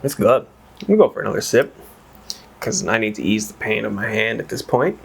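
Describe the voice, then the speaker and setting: A man's voice: lowish voice, sing-song, fairly quick, creaky, slightly rough. A man reviewing whiskey in a casual, rambling chat that wanders off on tangents and is full of exclamations. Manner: exclaims and swears freely.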